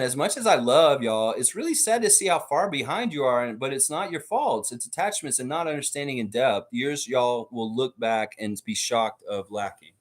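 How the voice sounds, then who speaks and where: A man's voice: mid-range voice, a bit bright. Amped-up, swearing man ranting. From Baltics. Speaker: livestream host. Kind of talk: casual livestream chat reading comments.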